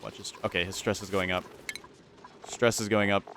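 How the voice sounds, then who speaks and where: A man with a fairly low voice commentates his own gameplay in a rambling, let's-play way. He gets frantic and repeats himself when things go wrong. A faint hiss sits under the recording. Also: level tone, moderate pace, a bit bright. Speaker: gaming channel host.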